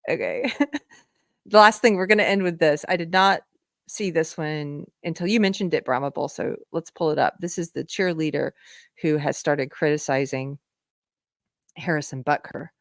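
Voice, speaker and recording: A woman's voice: low voice, moderate pace, no echo, studio quality. A woman hosting a live stream, chatting casually and laughing as she reacts to news clips. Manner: chatty, laughs often, talks to viewers. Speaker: livestream host. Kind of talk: casual livestream commentary.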